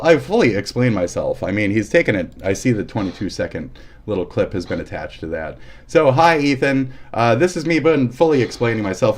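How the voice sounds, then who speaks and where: This man's voice sits on the low side and is a little mellow. He's streaming live with casual commentary, swearing a lot and ranting angrily with sudden shifts.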